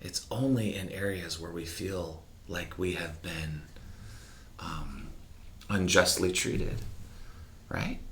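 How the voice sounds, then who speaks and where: Deep-voiced man telling candid stories. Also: slow, pauses often, a little hiss or hum. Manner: candid, animated, mimics horn sounds. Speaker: interview guest. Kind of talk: reflective conversational storytelling.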